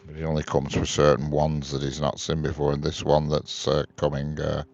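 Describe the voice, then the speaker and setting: A man's voice: a bass voice, completely flat delivery, normal speed, creaky, a little mellow, lo-fi sound, slight background noise. A man chatting casually outdoors on a railway live stream, reading viewers' comments aloud and answering them. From England. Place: outdoors beside a railway line.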